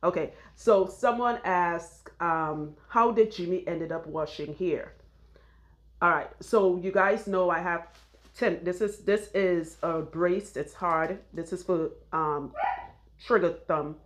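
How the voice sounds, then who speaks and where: A woman, her voice sitting a little low. She talks in a loose, rambling way and laughs often. She is recorded close on a clip-on mic. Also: slow. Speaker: loctician and vlogger. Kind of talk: casual chat while getting her hair done.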